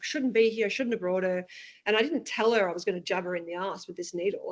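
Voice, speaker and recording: A woman, an interview guest and parent, speaking candidly and emotionally with frequent restarts. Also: mid-range voice. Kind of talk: personal storytelling interview.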